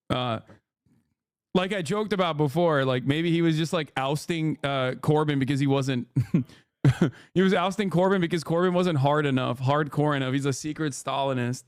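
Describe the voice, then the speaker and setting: A man's voice: a little high, normal speed, clear, resonant tone, no echo, clean studio sound. A man, streaming and riffing in a rambling, profane, joking way over clips. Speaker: streamer host. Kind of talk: live-stream reaction commentary.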